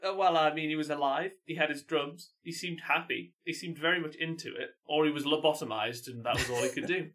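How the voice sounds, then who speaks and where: A man's voice: a little high, brisk, few pauses, fairly bright tone. A young man, a podcast co-host chatting casually and laughing through his stories. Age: young adult. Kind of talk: casual chat.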